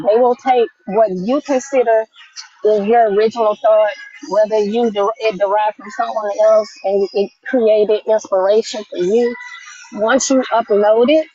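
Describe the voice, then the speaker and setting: A woman's voice: mid-range voice, fairly even intonation, unhurried, dark tone, slightly rough. A woman musing aloud as a podcast guest, rambling through her thoughts in a casual chat. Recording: muffled lo-fi audio.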